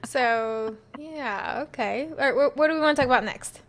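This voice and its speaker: A woman's voice: sits high, moderate pace, fairly bright tone. A woman co-hosting a podcast in casual, frank chat, often laughing. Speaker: podcast co-host. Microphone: podcast microphone.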